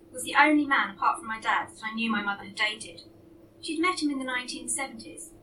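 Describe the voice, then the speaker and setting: A woman's voice: fairly high pitch, bright, forceful tone, recorded from a distance, a little hiss or hum, poor audio. A woman reading a story aloud as narrator, in a dry, understated way. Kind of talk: audiobook reading.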